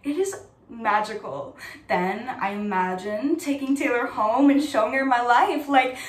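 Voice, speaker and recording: Woman playing a high, chatty young woman with an imaginary famous friend; audition monologue, roomy distant mic. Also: measured pace, natural voice. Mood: giddy. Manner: chatty, breezy, full of fillers. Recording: echoey room, mic at a distance.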